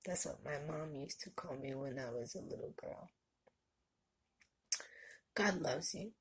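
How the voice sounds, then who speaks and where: A middle-aged woman talks slowly to her camera from home in a low, gravelly voice. Her tone is rough and husky, and she offers folksy, heartfelt advice with blessings. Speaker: vlogger. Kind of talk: casual talk to camera. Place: indoors at home.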